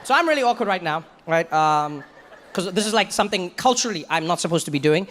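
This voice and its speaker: A man's voice: high-pitched, lively intonation, fast talker, a bit bright, big-room sound, a little hiss or hum. A man in his thirties with a South African accent, performing a stand-up set with conversational storytelling and asides. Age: 30s. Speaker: stand-up comedian.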